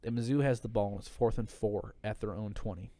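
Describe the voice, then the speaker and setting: A man's voice: lowish voice, steady tone, brisk, mellow, dry recording, studio quality. A man talking casually on a podcast, telling a heated, profane story and sounding a little tipsy. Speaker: podcast guest. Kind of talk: casual drunk podcast chat.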